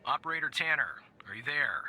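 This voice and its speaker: A stern agency boss in a video game who gives orders in a curt, authoritative tone. His voice is very bright and sharp, with a husky edge. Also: fairly high pitch, lively intonation, fairly quick, full character voice. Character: stern male agency supervisor.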